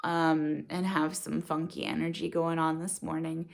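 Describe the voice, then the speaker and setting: A woman in her thirties, vlogging from home in the morning in a casual, rambling, reflective way, her voice gravelly as though she just got out of bed. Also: low-pitched, flat delivery, measured pace. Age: 30s. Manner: rambling and reflective, with many fillers. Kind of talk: casual morning vlog chat.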